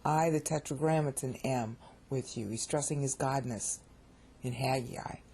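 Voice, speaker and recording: A woman's voice: a bass voice, unhurried, dark tone, slight background noise. A woman giving a recorded Bible study lecture. She explains grammar step by step, repeats key words for emphasis, and talks informally with frequent restarts and asides. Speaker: Bible teacher.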